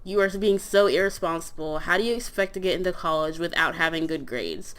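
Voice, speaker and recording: A woman acts out an angry mother in a life-sim game, ranting and scolding in an exasperated rush. Her voice sits a little low and stays near the performer's own. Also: brisk, fairly bright tone, lightly acted.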